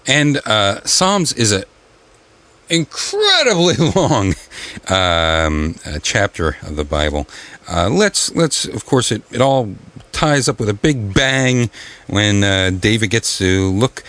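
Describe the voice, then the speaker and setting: A man hosting a comic talk show, wisecracking and halting, with many fillers and restarts, often jumping into loud, high, exaggerated voices. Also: big pitch swings. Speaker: radio show host.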